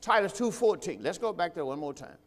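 A man, a pastor, preaching a sermon and calling out to his congregation for answers, rising louder and higher on his key points. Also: animated, brisk. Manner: preaching with call-and-response to the congregation; rises in pitch and volume when stressing a point. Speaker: host. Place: church sanctuary. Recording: long hall reverb of a church.

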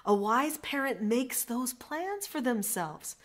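A woman's voice: fairly high pitch, sing-song, takes it slowly, fairly bright tone. Earnest woman teaching parenting. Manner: earnest, instructive, repeats key points. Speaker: parenting coach. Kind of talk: direct-to-camera parenting lesson.

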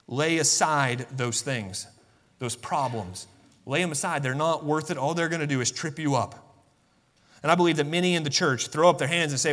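A man preaching a sermon as pastor, swinging from soft, low musing to loud, high emphatic bursts. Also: animated, normal speed, in a large hall. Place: church sanctuary.

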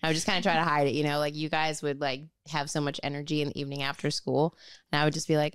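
Young woman guest, very low voice, dry close sound, relaxed and laughing, gives offhand tips. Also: racing, clean tone, no echo. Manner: laid-back, laughs, short dry replies. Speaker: guest sister. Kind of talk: casual chat.

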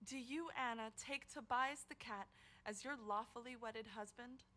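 Woman playing a hushed mock officiant; ceremonial, soft, slightly high. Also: normal speed. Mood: solemn. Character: solemn mock wedding officiant.

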